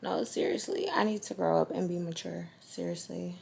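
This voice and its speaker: A young woman chats to her viewers in a low, gravelly voice, loose and slangy. She rambles from thought to thought and drops fillers as she goes. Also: steady tone, moderate pace, a little mellow, reverberant. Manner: chatty and slangy, trailing off with fillers. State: tired and low-energy at first. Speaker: vlogger. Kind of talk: casual vlog chat.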